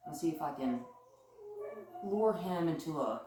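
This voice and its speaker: A woman with a fairly low voice talks through a dog training session in a chatty, upbeat way. She sounds far from the mic, in a very echoey living room. A faint hiss sits under her voice. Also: lively intonation, measured pace. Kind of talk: casual training demonstration. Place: living room at home with a couch.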